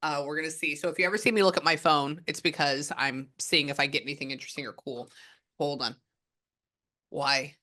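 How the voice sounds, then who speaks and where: A woman's voice: low voice, steady tone, brisk, bright, forceful tone. A woman working as a psychic medium, talking casually and rambling through a spirit reading, with the odd swear word.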